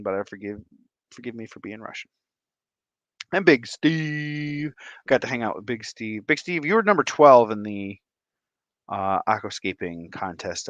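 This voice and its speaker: A man from Michigan hosting a livestream, giving goofy, playful shout-outs to his viewers. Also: fairly low pitch, dry recording. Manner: playful and goofy, drawn-out silly repetitions. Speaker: livestream host.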